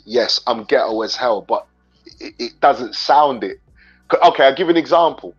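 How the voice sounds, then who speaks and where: A man's voice: medium pitch, muffled recording. A man from England with a London accent mixed with Jamaican patois, hosting a casual livestream chat and talking straight to his viewers in a rambling way. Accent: London English mixed with Jamaican patois. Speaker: livestream host.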